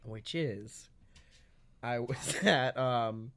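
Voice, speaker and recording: A man's voice: mid-range voice, very slow, fairly bright tone. A man co-hosting a podcast, chatting casually with crude jokes and acted-out quotes. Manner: crude, joking, acts out quoted voices. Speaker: podcast co-host. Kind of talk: casual comedic chat.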